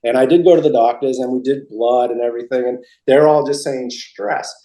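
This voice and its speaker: A man's voice: medium pitch, a little fast, warm tone. Rambling man in an echoey room. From Massachusetts. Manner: rambling, repeats himself, many restarts. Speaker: interviewee. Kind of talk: casual storytelling interview.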